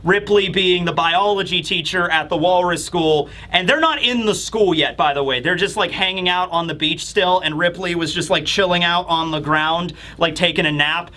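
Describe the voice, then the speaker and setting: A man's voice: sits high, moderate pace, few pauses, pushed and bright. A man reviewing a comic chapter in a rambling, chatty way. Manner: rambling, chatty, lots of fillers and laughs. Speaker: manga reviewer. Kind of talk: casual commentary.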